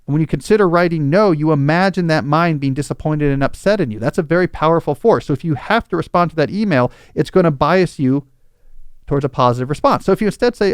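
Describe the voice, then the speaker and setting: A man's voice: a little high, lively intonation, brisk, smooth, no echo, clean studio sound. A man hosting a podcast, explaining advice in a reasoned, conversational way. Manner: reasoned, conversational, acts out quoted scenarios. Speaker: podcast host.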